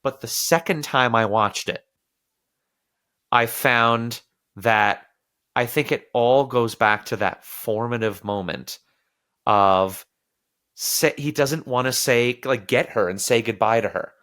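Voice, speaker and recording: Bright-voiced man hosting a film podcast. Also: mid-range voice, slow, clean tone. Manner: animated, often quoting characters in little acted voices. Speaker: podcast host. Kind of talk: casual film discussion.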